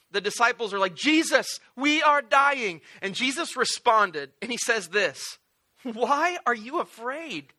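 A man preaching with a very high, strikingly bright voice. He tells the story in an animated, joking way and keeps slipping into acted-out voices. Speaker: pastor. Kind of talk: sermon.

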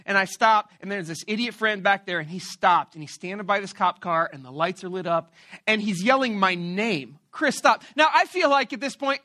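A man preaching a sermon who tells a story about himself in an animated, playful and self-mocking way. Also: high-pitched, no room sound, studio quality. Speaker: pastor.

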